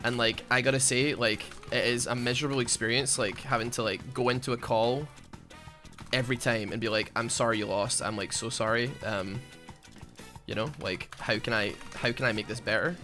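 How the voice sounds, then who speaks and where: A young man giving casual, rambling gameplay commentary, self-mocking and given to sudden loud outbursts at the game. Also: mid-range voice, steady tone, normal speed, soft background music. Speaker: gaming YouTuber.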